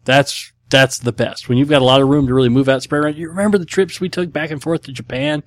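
A man's voice: mid-range voice, fairly even intonation, quick pace, no echo. Man, middle-aged, podcast host, casual chat, blunt, hesitant fillers, dry close sound. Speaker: podcast host answering listener questions.

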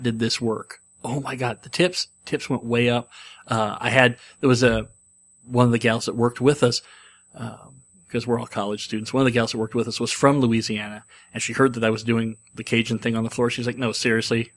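Middle pitch male storyteller in his forties, loose and digressive, casual delivery. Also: fairly bright tone. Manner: rambling, digressive.

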